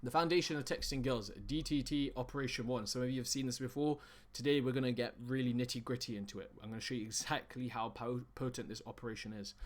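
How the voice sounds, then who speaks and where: A young man presenting as a dating coach in an online lesson, talking bluntly with heavy profanity and calling his viewers guys and bro. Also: mid-range voice.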